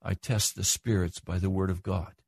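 A man's voice: little pitch movement, moderate pace, vocal fry, a little mellow, breathy edge, no echo. An older man preaching a sermon as pastor, earnest, with his voice rising for emphasis. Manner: earnest, rises in pitch for emphasis.

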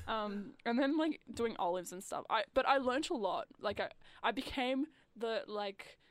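A young woman chatting casually on the radio, full of "like" fillers and quick impressions of customers. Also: a little high, lively intonation, no echo. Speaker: guest.

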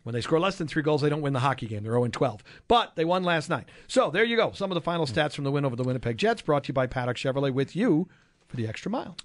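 A man's voice: a little high, big pitch swings, very fast. A man hosting a casual sports talk show, reading out stats and a sponsor line, with sarcastic asides. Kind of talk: casual sports radio chat.

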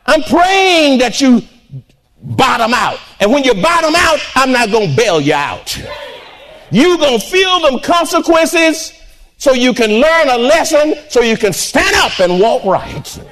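An older man preaching an impassioned sermon to a church congregation, breaking into shouts and trading call-and-response with the crowd. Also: extremely high pitch, big pitch swings, unhurried.

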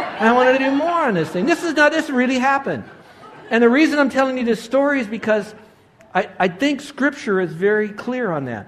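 A man in his sixties, a pastor, preaching a sermon full of lively stories with sudden loud excited bursts. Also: very high-pitched, a little fast.

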